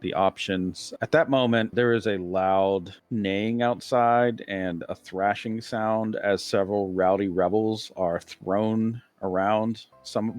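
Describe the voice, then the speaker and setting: Deep-voiced man narrating as game master. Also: no room sound.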